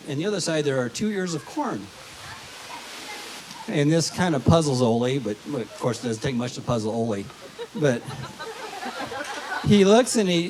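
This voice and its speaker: A man giving a folksy, halting wedding toast at a reception, telling a joke with many fillers. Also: a little high, a little mellow, a little hiss or hum, low-quality recording. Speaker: wedding toast speaker, family of the bride.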